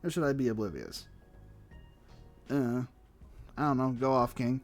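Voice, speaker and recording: A man streaming a game from home on a desk microphone, chatting in a loose, rambling, excitable way with laughs and casual swearing. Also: mid-range voice, unhurried, long pauses. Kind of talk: casual live-stream chat while playing a game. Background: faint chill background music.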